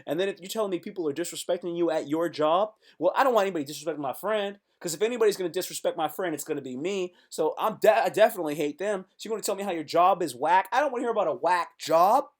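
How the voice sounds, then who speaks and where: A man's voice: sits high, expressive, very fast, few pauses. A man hosting a comedic live stream, rambling through jokes, swearing freely and breaking into freestyle rap.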